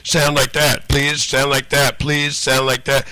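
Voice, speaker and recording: A man's voice: medium pitch, level tone, unhurried, sharp tone, no echo, soft background music. A man delivering a rambling, profane monologue, looping back and repeating phrases over and over. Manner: profane, repetitive, rambling rant.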